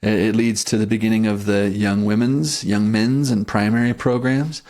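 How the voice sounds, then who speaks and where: A man co-hosting a history podcast, talking through church history in a relaxed, conversational way and often checking in with "right?". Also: lowish voice, moderate pace. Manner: thoughtful, frequent restarts and "right?" checks. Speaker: podcast co-host. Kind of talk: casual history discussion.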